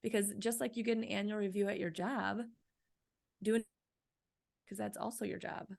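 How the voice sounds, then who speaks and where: A woman's voice: medium pitch, fairly even intonation, normal speed, vocal fry, darkish tone. A woman being interviewed about her book, giving practical coaching advice and often checking in with "right?". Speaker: author and guest. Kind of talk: podcast interview answers.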